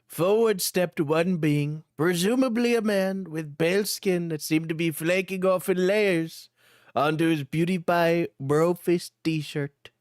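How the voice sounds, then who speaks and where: A man's voice: a little high, dry recording, clean studio sound. A young man, a streamer, reading fanfiction aloud for laughs and often cracking up. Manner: amused, often breaking into laughter.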